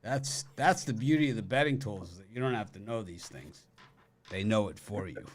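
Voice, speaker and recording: Low guy rattling off games n cracking jokes, sports betting show. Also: lively intonation, moderate pace. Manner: joking, rattles off matchups with wisecracks. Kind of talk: casual sports betting chat.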